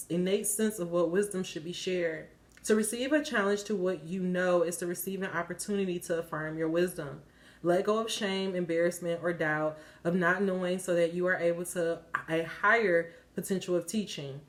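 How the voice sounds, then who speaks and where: A woman hosting her own channel, giving a casual card reading to her viewers. She reads the cards aloud, breaks off to laugh and swear, and gets emotional. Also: lowish voice. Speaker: tarot reader and channel host.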